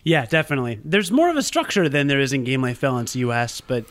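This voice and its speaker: A man's voice: medium pitch, very animated, quick pace, a bit bright. A man hosting a podcast in casual chat, teasing his guest and steering the talk. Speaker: podcast host.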